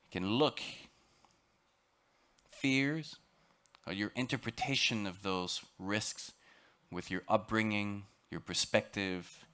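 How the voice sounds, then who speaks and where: An expedition lecturer with a French accent gives a dramatic, emphatic storytelling lecture aboard a ship. His voice is fairly low, pushed and bright, and he sometimes halts and repeats words.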